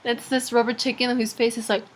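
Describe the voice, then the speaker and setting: A woman's voice: a little high, level tone, brisk. Chatty teenage girl's video diary. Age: teens. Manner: rambling, chatty, lots of fillers. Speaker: vlogger.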